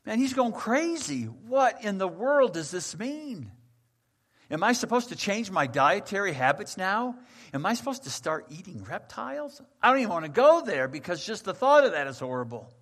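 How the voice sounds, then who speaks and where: A man's voice: fairly high pitch, lively intonation, measured pace, vocal fry, fairly bright tone, husky, full character voice. A man voicing a bewildered male disciple who protests in an exasperated, incredulous way during a sermon. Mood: protesting.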